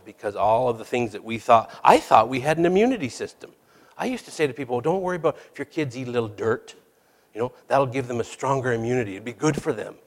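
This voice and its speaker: Candid man preaching in a reverberant hall. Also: medium pitch. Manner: candid, storytelling, self-deprecating with small laughs. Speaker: hospice chaplain and preacher. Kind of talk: sermon.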